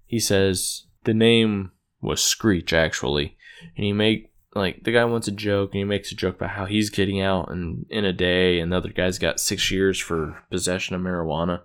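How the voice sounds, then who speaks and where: A man's voice: deep voice, fairly even intonation, moderate pace, smooth. A man casually recapping an episode he wrote, rambling with fillers, chuckling and correcting himself. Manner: loose and chuckling, with frequent fillers and self-corrections.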